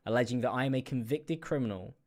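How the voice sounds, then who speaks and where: A man narrating a prepared statement in a flat, measured, formal tone. His voice sits in a middle pitch and he reads every line evenly. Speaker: video narrator. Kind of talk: scripted narration of a defence statement.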